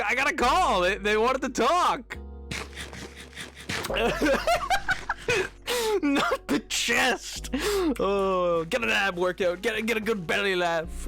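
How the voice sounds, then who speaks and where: A man's voice: extremely high pitch, gravelly. Giggly, stammering man streamer. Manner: laughs a lot, stammers and repeats himself. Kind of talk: casual game livestream chat.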